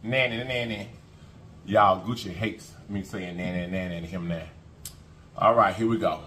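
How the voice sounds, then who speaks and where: This mukbang host has a low-pitched, pushed and bright voice with fairly even intonation and a normal speed. He chats folksily to viewers, keeps addressing them and hums while eating, over slight background noise.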